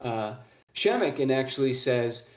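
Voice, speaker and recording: A man's voice: medium pitch, expressive, unhurried, echoey room. A man narrating as game master of a tabletop game, rambling with many fillers and restarts.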